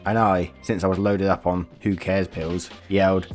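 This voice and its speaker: A man's voice: low voice, steady tone, normal speed, soft background music. A man hosting a channel, reading viewer stories aloud in a casual, chatty way, laughing often and swearing freely. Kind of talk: casual read-aloud storytelling with commentary.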